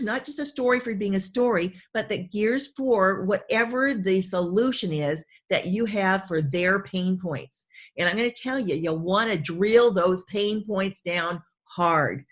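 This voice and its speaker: A woman's voice: medium pitch, measured pace. A woman speaking coach teaching a webinar in an enthusiastic, conversational way, often repeating herself for emphasis.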